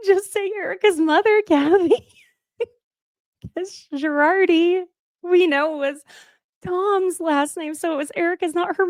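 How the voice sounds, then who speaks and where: A woman's voice: very high voice, dry recording, clean studio sound. A woman chatting casually as she recaps a reality show, gushing and often laughing. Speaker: recap host.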